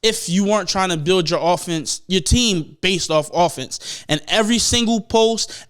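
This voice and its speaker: A young man hosting a podcast, ranting casually and profanely about football, rambling and mimicking people in quick asides. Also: high voice, a bit bright, clear, resonant tone. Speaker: podcast host. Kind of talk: casual sports rant.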